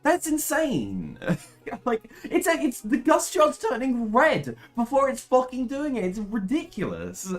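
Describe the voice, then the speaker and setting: A young woman speedrunning a game, commentating live, swearing freely and ranting in frustration before rushing into technical explanations. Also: fairly high pitch, expressive, faint music behind. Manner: swears a lot, rants in frustration, then explains in a rush.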